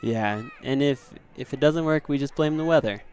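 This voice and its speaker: A man's voice: medium pitch, normal speed, a little mellow, smooth. A man co-commentating a school race from indoors, trading wry jokes. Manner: wry, joking banter. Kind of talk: live event commentary. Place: indoors, watching on a big screen.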